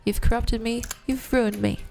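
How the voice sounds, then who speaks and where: A woman's voice: fairly high pitch, steady tone, moderate pace, vocal fry, darkish tone, faint music behind. A woman reading a prim young woman's lines, murmured, weak and earnest. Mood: guilty earnest. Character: guilty, prim young woman, quietly confessing.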